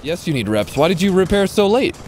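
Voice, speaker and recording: A young man streams a game and keeps up a loose, joking commentary, his pitch jumping up and down as he teases and cheers. Gunfire and engine noise from the game sit clearly under his voice. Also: big pitch swings, brisk, darkish tone. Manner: joking, teasing, bursts of repeated cheering. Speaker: livestreaming gamer. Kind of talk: casual gameplay commentary. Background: gunfire and vehicle sounds from the game.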